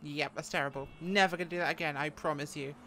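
A woman's voice: low voice, steady tone, quick pace, fairly bright tone, a little hiss or hum. A woman streamer giving giggly, chatty commentary on her own roleplay gameplay. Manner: giggly, chatty asides to viewers.

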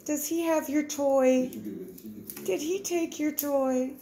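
A woman's voice: high voice, fairly even intonation, takes it slowly, mellow, slight background noise. A woman talking baby talk to her pets at home, coaxing them in a cooing sing-song and laughing often. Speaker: pet owner filming her pets. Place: home indoors.

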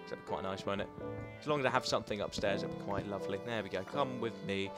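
A young man commenting as he plays a video game, chatty and excitable, talking to the animals in the game. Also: on the low side, fast talker, lo-fi sound, music in the background. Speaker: gaming commentator. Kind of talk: playing a game with live commentary.

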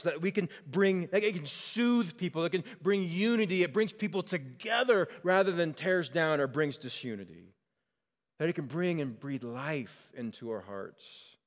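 Male pastor, slightly high voice, casual storytelling sermon, long church-hall reverb. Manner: conversational, animated storytelling with acted quotes.

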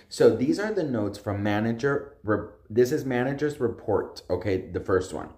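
Sassy, animated man with a lively, swinging voice. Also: mid-range voice, normal speed, hardly any pauses. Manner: sassy, animated, swears a lot. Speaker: gossip commentator. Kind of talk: casual gossip commentary. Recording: roomy echo.

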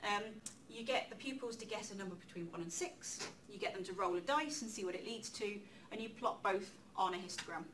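A woman giving a public talk in a lecture room, lively and chatty, with self-deprecating asides. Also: medium pitch, a little fast, hardly any pauses. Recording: distant mic with faint room noise.

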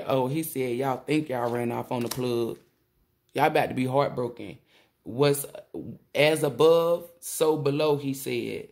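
In a very deep voice, a woman delivers a casual tarot reading, excitable and swearing as she goes. She keeps exclaiming, her voice shaky with excitement.

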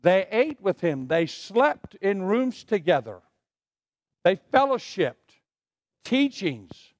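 Male pastor, middle-aged, high animated delivery, call-and-response sermon, dry close sound. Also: slow, dry recording. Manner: preaching with call-and-response to the congregation. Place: church sanctuary.

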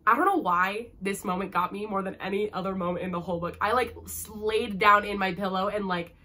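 A woman's voice: medium pitch, fairly even intonation, a little fast, bright, forceful tone. Gushing young woman reviewing a book. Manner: gushing, emotional, heavy use of "like". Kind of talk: casual book review vlog.

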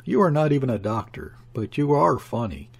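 A man doing a sardonic anarchist professor in an audiobook, crisp scornful delivery, gravelly edge, husky tone. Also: mid-range voice, big pitch swings, moderate pace, exaggerated voice. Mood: mocking. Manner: scornful, precise, sententious. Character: cold sardonic male anarchist professor, contemptuous. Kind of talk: audiobook character voice.

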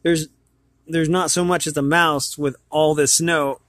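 A man's voice: fairly high pitch, steady tone, measured pace, fairly bright tone, dry recording, studio quality. A man reading the lines of a hungry male mountain lion from a storybook, stumbling and repeating words now and then. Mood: pleading. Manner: read aloud with stumbles and repeats.

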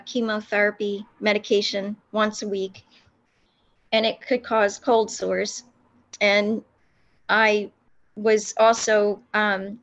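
A woman recounting a personal faith experience in an interview, speaking earnestly with many pauses and restarts. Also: medium pitch, fairly bright tone, lo-fi sound. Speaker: guest telling her faith testimony.

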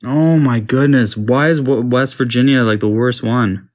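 A man's voice: mid-range voice, moderate pace. A man from Canada, casually talking to himself while playing a map quiz game, confused and joking. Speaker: gamer. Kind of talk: casual gaming commentary.

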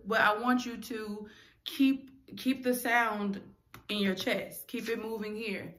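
A woman's voice: a little high, steady tone, measured pace, fairly bright tone. A young adult woman, a singer and vlogger, telling a candid, emotional personal story straight to her viewers.

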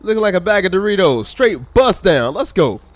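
A man's voice: high-pitched, sing-song, moderate pace, no room sound. A man livestreaming a police game, joking around and thanking viewers in the chat. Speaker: gaming livestreamer. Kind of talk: live game commentary and chat shout-outs.

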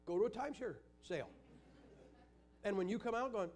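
A man's voice: high-pitched, fairly quick, a little mellow. An older man preaching in a church, teaching Sunday school with joking stories. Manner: joking, anecdotal storytelling.

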